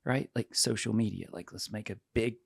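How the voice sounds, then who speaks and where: Gravelly husky male podcast host. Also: fairly low pitch, normal speed, no echo, clean studio sound. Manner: reflective, short affirmations. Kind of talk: interview chat.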